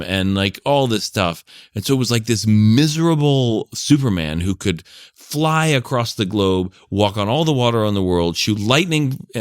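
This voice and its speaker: A deep-voiced middle-aged man talks casually, wandering through long stories and chuckling between thoughts. The sound is dry and close, with no room around it. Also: no echo. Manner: rambling storyteller, chuckles often. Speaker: podcast guest, parenting coach. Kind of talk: casual chat.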